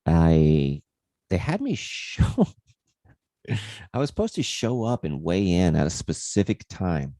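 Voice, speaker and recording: A man with a low voice tells a rambling story on his fitness livestream. His pitch swings up and down a lot, and he swears freely. The sound is dry and close, with no room echo. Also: very animated, slow, long pauses, dark tone.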